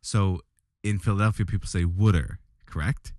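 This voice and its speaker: A man with a lowish voice, co-hosting a podcast in a bantering, mock-indignant way. His pitch swings widely as he argues. The sound is dry and close to the mic. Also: expressive, moderate pace, a little mellow, no echo. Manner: playfully argumentative, mock indignant. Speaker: podcast co-host. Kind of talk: casual banter.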